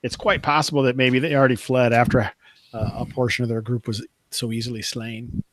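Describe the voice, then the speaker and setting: Chuckling game master narrating scenes. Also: male voice, mid-range voice, flat delivery, brisk, low-quality recording. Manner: chuckling, descriptive, filler-heavy narration.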